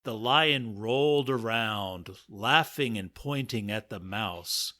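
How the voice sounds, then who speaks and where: A man hosting a comic story podcast, narrating in a dry, measured way with playful emphasis. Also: lowish voice, sharp tone.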